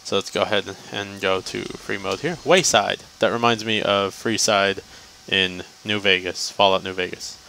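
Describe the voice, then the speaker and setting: A man's voice: sits low, fairly even intonation, moderate pace, gravelly, few pauses, bright, forceful tone, a little hiss or hum, low-quality recording. A young man giving casual gameplay commentary for a guide video, rambling and joking to himself as he plays.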